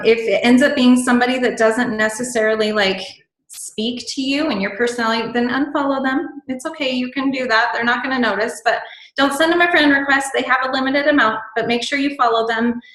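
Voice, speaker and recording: A guest on a team call, this woman chats through casual sales tips in a bubbly way, her speech full of ums and likes. Her voice sits on the high side with a fairly bright tone, and the recording has an echoey room sound.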